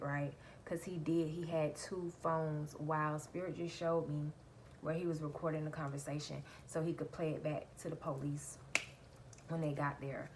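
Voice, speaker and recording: A woman telling a personal story straight to her viewers in a casual, animated way, laughing as she goes and calling them y'all. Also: sits low, slight background noise.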